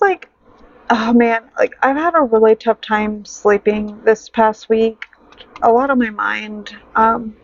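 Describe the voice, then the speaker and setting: A tired, sad woman in her thirties chatting to camera at her home desk, rambling and halting with sighs and fillers. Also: fairly high pitch. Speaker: budgeting vlogger. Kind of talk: casual chat to camera. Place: home desk in loft bedroom. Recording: dull lo-fi home recording.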